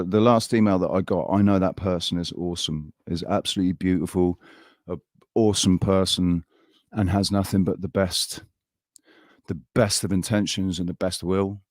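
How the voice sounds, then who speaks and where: A man hosting a live stream, ranting in a heated, halting way and swearing often. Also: deep voice, darkish tone, no echo, studio quality. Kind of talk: casual live-stream chat.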